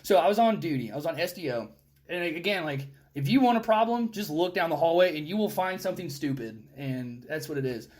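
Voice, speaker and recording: A man who is a guest on a podcast, a Marine instructor, telling stories in a rambling, animated and heavily profane way, with frequent restarts. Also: fairly high pitch, fairly quick. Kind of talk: casual storytelling chat.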